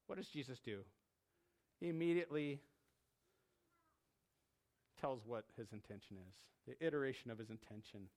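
Male preacher, higher register, very animated delivery, dramatizes and repeats for emphasis. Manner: animated, acts out the disciples' panic, repeats key phrases. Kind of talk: expository sermon.

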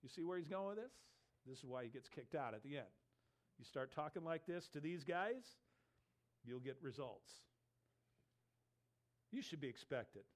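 A man's voice: fairly high pitch, expressive, normal speed. A man giving verse-by-verse Bible teaching, emphatic and asking his listeners rhetorical questions.

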